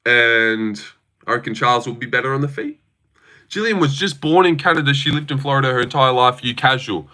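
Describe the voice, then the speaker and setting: A man's voice: mid-range voice, expressive, fairly quick, sharp tone. A young man on a live stream, reading and answering chat with sarcastic, argumentative, swear-filled talk.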